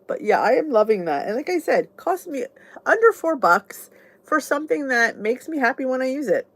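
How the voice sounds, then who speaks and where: Woman, middle-aged, casual chatty host, laughs often, frank, lively voice. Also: high-pitched, normal speed. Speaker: vlog host. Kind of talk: casual chat with viewers.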